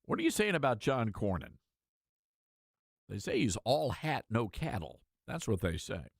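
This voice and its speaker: Animated sarcastic male talk radio host. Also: moderate pace, creaky, dry recording, studio quality. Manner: animated, sarcastic, mocking falsetto asides.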